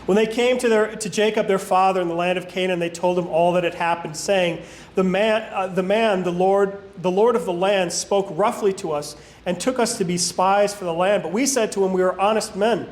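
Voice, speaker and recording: A man leading a Bible study, reading scripture aloud with casual asides, often stumbling and correcting himself. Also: high-pitched. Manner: halting reading, frequent self-corrections and fillers.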